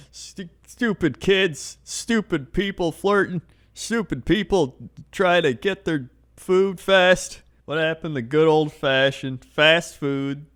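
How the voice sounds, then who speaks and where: A man's voice: a little high, slow, a bit bright. A man co-hosting a podcast, telling everyday stories in casual chat and mimicking the people in them. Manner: storytelling, mimicking people he describes. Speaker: podcast co-host.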